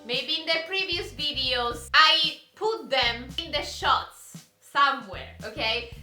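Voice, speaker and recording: A bright, bubbly young woman with an Italian accent talks to her viewers, her high voice bouncing up and down with excitement. She sounds bright and clear, and the room around her adds an echo under soft music. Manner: bubbly, eager, often asks "okay?". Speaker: vlogger. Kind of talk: excited vlog explaining a party game.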